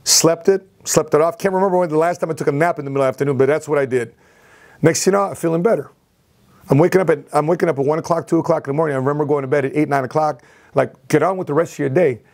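A man telling a personal story on his vlog as an entrepreneur, in an animated, repetitive way. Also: fairly high pitch, racing, creaky. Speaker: entrepreneur vlogger.

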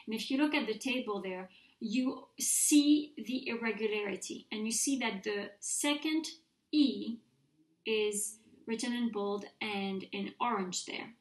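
A woman teaching a recorded grammar mini-lecture, speaking clearly and patiently and repeating words slowly for students to copy. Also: on the high side. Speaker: French teacher. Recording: roomy echo.

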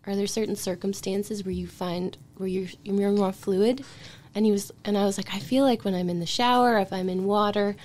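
A woman's voice: medium pitch, steady tone, normal speed, darkish tone. A woman with a Canadian accent, a songwriter guest in a casual podcast interview, talking in a chatty, reflective way with light laughs.

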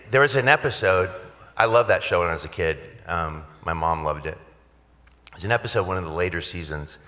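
A man's voice: low-pitched, pushed and bright, long reverb tail. A man, a pastor, telling a personal story at a gala in a candid, conversational way with wry humor. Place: large event hall.

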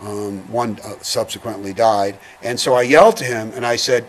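An older man, a veteran giving an oral history interview, speaking in a reflective, halting way, heavy with feeling. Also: on the low side.

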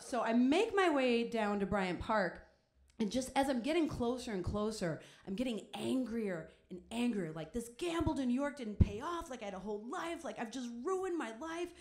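Young woman on stage telling a funny story about herself, bit high voice, says like a lot. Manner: chatty, self-mocking, many "like"s. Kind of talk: live comedic storytelling.

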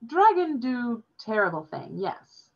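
A woman reading aloud and voicing an earnest boy who speaks broken English in a halting, insistent way. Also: fairly high pitch, sing-song, voice pushed up, full character voice. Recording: dull lo-fi recording.

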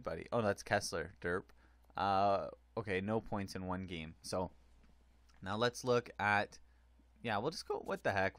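A man giving casual, excitable commentary on a hockey video game tournament, rambling with many fillers. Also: fairly low pitch, clean tone, dry recording. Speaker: gaming commentator.

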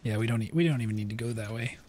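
A man's voice: lowish voice, racing, a little hiss or hum. Man narrating his game playthrough. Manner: chatty, reacts aloud while playing, jumps between flat calm and alarmed bursts. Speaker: gaming channel host. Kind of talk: let's play commentary.

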